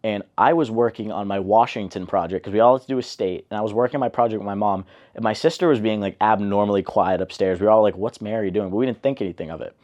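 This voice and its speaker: Chatty young man with a low voice. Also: fast talker, few pauses. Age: young adult. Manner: relaxed, chatty, many fillers. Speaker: interviewee, older brother. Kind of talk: casual interview storytelling.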